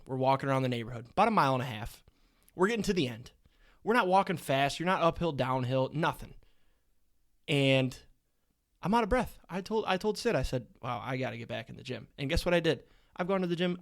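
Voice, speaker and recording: A young man hosting a sports podcast on his own, chatting casually with rambling, crude jokes. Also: mid-range voice. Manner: joking, rambling, crude humor. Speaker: podcast host.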